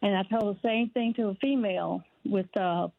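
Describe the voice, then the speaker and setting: A woman's voice: medium pitch, normal speed, creaky, dry recording. An older woman calls in to a radio talk show and speaks earnestly, rambling a little, with an indignant edge. Her voice comes through a dull, dry, muffled phone line. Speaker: caller.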